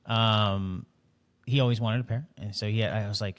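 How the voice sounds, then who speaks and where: A man's voice: on the low side, fairly even intonation. Laid-back man with a long echo. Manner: laid-back, halting, with fillers. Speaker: podcast co-host. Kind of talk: casual chat. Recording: long reverb on the voice.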